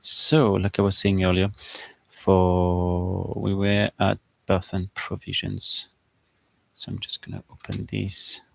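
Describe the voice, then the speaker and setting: A man as game master, talking through his game prep in a halting, informal, think-aloud way. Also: deep voice, monotone, vocal fry, sharp tone, dry recording. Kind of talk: casual game prep screen-share.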